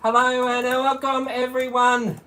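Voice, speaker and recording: A chatty man runs a casual livestream, rattling off hellos to viewers by name. He talks in a relaxed, unhurried way and keeps breaking into laughter. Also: very high voice. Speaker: livestream host.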